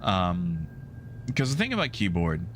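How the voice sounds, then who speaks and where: A man's voice: low voice, wildly swooping pitch, normal speed, a bit bright, slight background noise. A male game streamer chatting casually with his live viewers in a rambling, easygoing way with many fillers.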